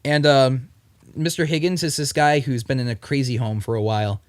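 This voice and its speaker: A young man co-hosting a casual comic-book podcast, animated and swearing freely as he retells scenes in put-on voices. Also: fairly quick, dry recording. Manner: animated, swears freely, acts out quoted lines in higher voices. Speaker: podcast co-host. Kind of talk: casual chat.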